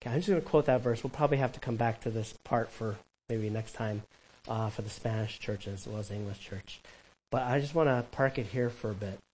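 A man preaching a sermon as pastor, animated and conversational, with quick asides to the congregation. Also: mid-range voice, poor audio.

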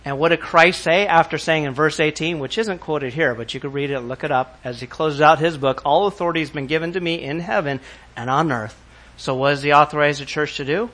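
A man's voice: on the high side, fairly quick, fairly bright tone. A man preaching a sermon, emphatic and asking his congregation rhetorical questions. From not from the country where he preaches. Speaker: pastor.

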